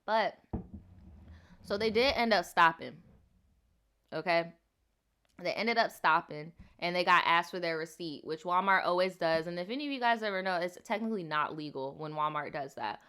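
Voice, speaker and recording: A woman's voice: fairly low pitch, moderate pace, pushed and bright, clear, resonant tone. A woman hosting a casual livestream storytime, reading viewer stories and adding sassy, profane, slang-filled commentary.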